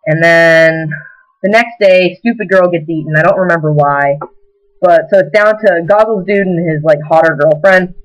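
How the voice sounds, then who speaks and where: A woman's voice: medium pitch, rough recording. A woman sarcastically retelling a film plot in a loose, rambling way, with "like" in nearly every sentence and little laughs along the way. Her voice swings widely up and down as she talks. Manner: rambling and sarcastic, says "like" constantly, laughs between lines. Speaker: movie reviewer. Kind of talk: casual comedic recap.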